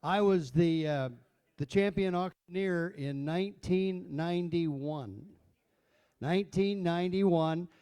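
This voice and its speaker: An older man with a Midwestern American accent, a past champion auctioneer reminiscing in a folksy, halting way. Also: sits high, warm tone, clean tone. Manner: folksy, hesitant with fillers. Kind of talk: casual reminiscing.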